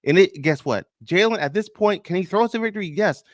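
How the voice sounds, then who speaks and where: A man hosting a casual sports podcast, talking in an animated way, exclaiming and restarting often. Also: sits high, fairly quick, no echo, studio quality. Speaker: podcast host.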